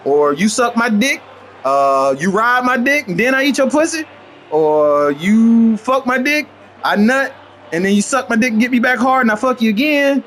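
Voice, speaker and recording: A man streaming a football video game, rambling in brash, boastful, profane commentary and trash talk, dropping to low mutters and then jumping into high outbursts. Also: animated, a little fast, a bit bright, slight background noise. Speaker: gamer streaming gameplay.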